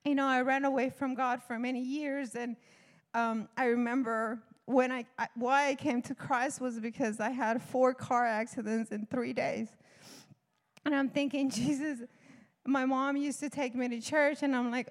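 A woman with a high voice gives an earnest testimony sermon as a missionary, often laughing and acting out conversations. Her voice rings with the long reverb of a large hall. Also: fairly even intonation, unhurried. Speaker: missionary speaker.

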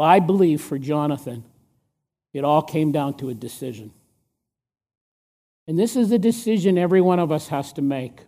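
A man preaching a sermon, emphatic and asking the listeners rhetorical questions, sometimes dropping to a hush for stress. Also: a little high, animated, moderate pace, long pauses.

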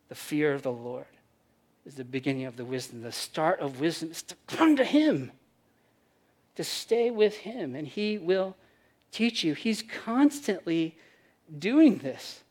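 A man preaching a sermon, animated, acting out quoted voices and swinging between loud emphasis and hushed lines. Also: sits high, normal speed. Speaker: pastor.

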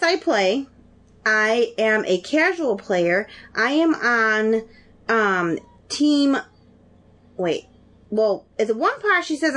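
A woman co-hosting a podcast, chatting casually and acting out the people in her stories. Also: mid-range voice. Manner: animated storyteller, acts out quoted dialogue. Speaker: podcast co-host. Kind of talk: casual chat.

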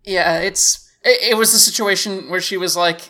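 Casual chat, measured explaining, bright crisp voice, mid pitch. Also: fairly even intonation. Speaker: podcast co-host.

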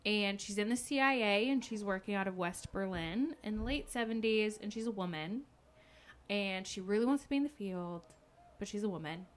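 A woman's voice: mid-range voice, normal speed. A young woman in a casual chat, animatedly retelling a book and acting out its characters' lines with lots of "like". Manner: animated storytelling, acts out characters' lines, frequent "like". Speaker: podcast co-host recapping a book.

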